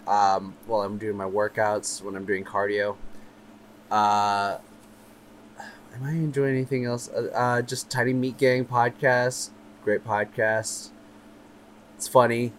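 A man co-hosting a podcast in easygoing casual chat, talkative and quick to laugh. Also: lowish voice, slight background noise. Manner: animated, laughs easily, chatty. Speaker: podcast co-host.

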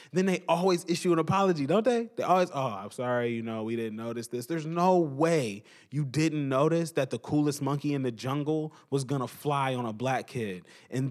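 A young man hosting a podcast, giving an animated casual opinion monologue and repeating his points for emphasis. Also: on the high side. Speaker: podcast host.

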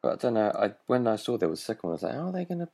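A man's voice: medium pitch, very animated, rapid-fire, darkish tone. A man hosting a podcast in a dry, casual way, steering the talk between segments. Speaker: podcast host. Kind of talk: casual chat.

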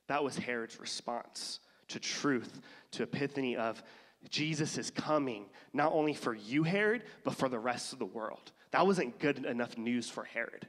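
Casual preacher in a reverberant hall. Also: male voice, medium pitch, moderate pace, a bit bright. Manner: conversational, acts out voices of people in stories. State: has a cough. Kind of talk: casual sermon.

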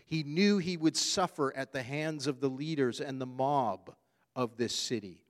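A man's voice: medium pitch, measured pace. A man preaching a sermon, earnest and emphatic, repeating his key phrases for weight. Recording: long hall reverb.

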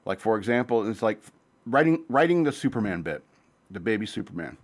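A man's voice: fairly low pitch, big pitch swings. A man hosting his own show, talking in a loose, rambling, profane monologue that jumps between topics. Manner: says he talks fast. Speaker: podcast host.

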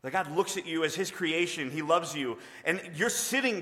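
A man's voice: on the high side, animated, normal speed, hardly any pauses, fairly bright tone. A man preaching a sermon, earnest and emphatic in a conversational way. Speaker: pastor. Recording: long reverb of a large hall.

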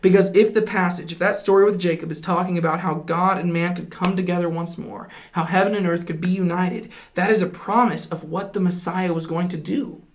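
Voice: mid-range voice, fairly even intonation, fairly quick, hardly any pauses. A Bible teacher explaining a passage earnestly, stressing points with repeated phrases and frequent "right?" check-ins.

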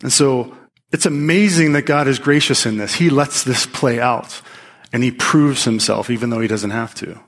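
A man preaching to his congregation, his voice mid-pitched and ordinary for a man. He speaks with animated emphasis and often restarts his phrases. His sermon delivery is lively. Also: moderate pace. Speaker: pastor teaching.

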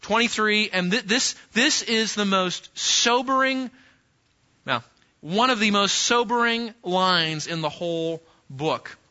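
A man teaching a sermon-style Bible lesson, animated and acting out the scenes he describes, often repeating himself. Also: sits high, takes it slowly, highs cut off.

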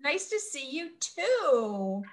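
A woman's voice: sits high, big pitch swings, drawn-out words. A woman co-hosting a podcast over a video call, upbeat, prompting her co-host and recapping the details.

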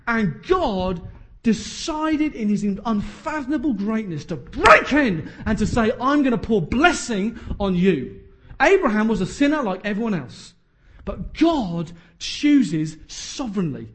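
A man in his thirties preaching a sermon. His voice sits high and swings widely in pitch. He is emphatic, with quick joking asides. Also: big pitch swings, a bit bright. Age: 30s.

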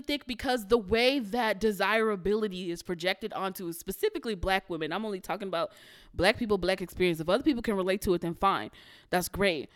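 A woman's voice: mid-range voice, brisk, dry recording. Young woman podcast host, blunt and sweary, holding back tears, dry close sound. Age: young adult. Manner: emotional, fighting tears, blunt and profane. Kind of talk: candid personal monologue.

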